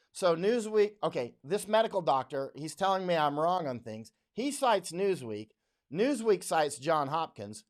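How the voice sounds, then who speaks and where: Male streamer, blunt combative delivery with repetitions, slightly raised pitch. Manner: blunt, combative, repeats himself. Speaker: livestream host, war correspondent. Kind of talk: live-stream commentary.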